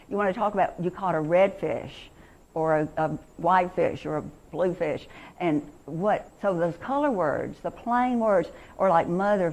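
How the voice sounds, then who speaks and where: A woman's voice: mid-range voice, darkish tone, rough recording. A woman in her sixties giving a chatty, encouraging workshop talk on reading to teachers and parents, with many restarts.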